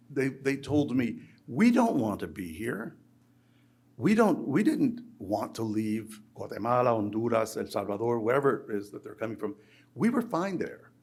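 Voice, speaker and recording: A male academic delivers a talk to a lecture room. His voice sits at an ordinary middle pitch, and he often falters, repeating words and restarting sentences as he goes. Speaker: academic researcher giving a talk.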